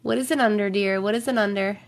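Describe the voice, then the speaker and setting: A young woman hosting a livestream, reading viewers' stories aloud and chatting casually, her voice a bit rough from a cold, humming filler syllables while she waits. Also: mid-range voice, steady tone, fast talker. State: voice rough from getting over a cold.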